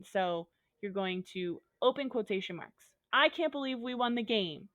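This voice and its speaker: A woman's voice: medium pitch, normal speed, a bit bright, no echo. A woman teacher giving a recorded online lesson, upbeat and a little goofy, talking students through examples step by step.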